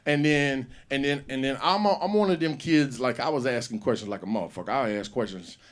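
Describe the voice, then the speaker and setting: A man's voice: medium pitch, a little fast. A middle-aged man hosting a comedy show on stage, telling profane stand-up stories and acting out scenes. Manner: loud, profane storytelling with act-outs.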